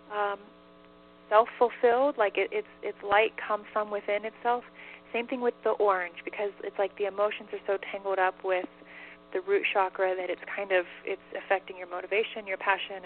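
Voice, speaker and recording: A woman talking as a medium, in casual chat full of fillers and "like", relaying answers. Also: medium pitch. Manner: chatty, many fillers and "like". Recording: tinny phone line with faint hiss.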